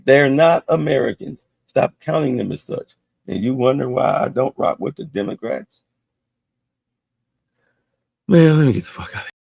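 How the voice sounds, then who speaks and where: A man's voice: mid-range voice, lively intonation, normal speed, vocal fry, pauses often, a little mellow, no echo, studio quality. A man streaming heated, profane political commentary with a mocking edge.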